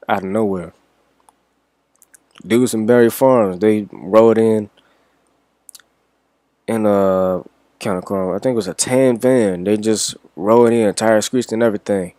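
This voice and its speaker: A young man from Washington, D.C. tells a story in a rambling, laid-back way, swearing freely. His voice sits a little low. The sound is close and dry, with no room echo. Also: steady tone, a little slow, pauses often, a little mellow. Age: young adult. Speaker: reaction vlogger. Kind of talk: casual storytelling.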